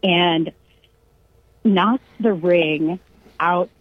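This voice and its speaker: A woman from California telling a long family anecdote in casual chat, animated and acting out the quoted lines. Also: fairly low pitch, extremely slow, slightly rough. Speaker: storyteller. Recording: tinny phone-line sound.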